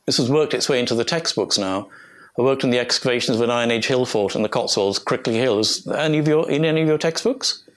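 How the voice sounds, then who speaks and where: A man's voice: mid-range voice, fast, a bit bright. An older English man, an archaeologist, giving a rambling, anecdotal illustrated talk to a live audience. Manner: rambling, anecdotal, with restarts and chuckles.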